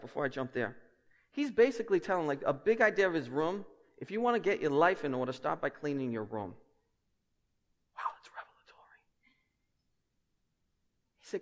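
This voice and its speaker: Pastor guy mid-sermon, kinda high voice, big echoey hall, goes quiet then loud, keeps asking the crowd "right?". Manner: emphatic, swings between hushed and loud; rhetorical questions and asides to the congregation. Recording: reverberant church hall.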